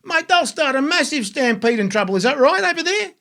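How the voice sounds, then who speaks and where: A man's voice: very high-pitched, very animated, brisk, bright, forceful tone. A middle-aged man hosting a sports talk show, exclaiming and repeating himself as he gets indignant. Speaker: host. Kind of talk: casual sports radio chat.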